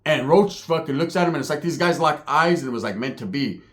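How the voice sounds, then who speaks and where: A man spins a raunchy comic yarn in a lively, swooping voice. He's profane and animated, keeps checking in with "right?". His pitch sits a touch high. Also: fast. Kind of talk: comedic storytelling.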